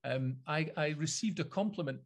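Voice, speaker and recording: Husky Scottish man chatting. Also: a little high, normal speed. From Scotland. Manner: animated, chuckling, opinionated explainer. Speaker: podcast co-host. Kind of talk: casual chat.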